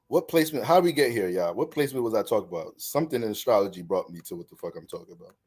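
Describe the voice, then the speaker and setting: A man's voice: lowish voice, fairly quick, slightly rough. A man who hosts an astrology channel, talking in a casual, profane, rambling monologue. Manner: profane, animated, rambling, restarts often. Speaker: astrology content creator.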